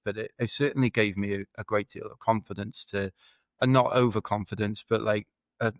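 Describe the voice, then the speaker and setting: A man's voice: on the low side, no room sound. A British man telling rambling, self-deprecating stories as a podcast guest in casual chat. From United Kingdom. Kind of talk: casual anecdotal storytelling.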